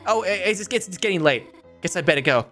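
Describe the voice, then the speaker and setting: A man's voice: animated, fast talker, fairly bright tone, soft background music. A young man voicing a shy, stammering young reindeer-monster girl. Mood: flustered. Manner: nervous stammering higher voice.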